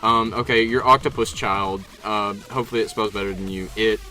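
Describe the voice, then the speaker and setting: A man's voice: on the low side, steady tone, a little fast, bright, forceful tone, faint music behind. A young man co-hosting a podcast in casual chat, joking crudely and brashly. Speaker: podcast co-host.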